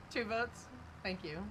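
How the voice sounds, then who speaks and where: A woman with a fairly high voice chats casually with her live-stream viewers, laughing often between remarks. She talks from a farm over a faint tractor engine hum. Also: big pitch swings, drawn-out words. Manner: chatty, laughs often, reads and answers chat. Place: outdoors on a farm, driving a tractor.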